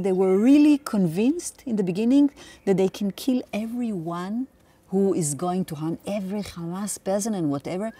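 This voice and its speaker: A woman in her fifties from Israel with an Israeli accent, a native Hebrew speaker, answering interview questions in an earnest, halting way with many restarts. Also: mid-range voice, warm tone, breathy edge. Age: 50s. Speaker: activist interviewee. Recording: voice a bit far from the mic.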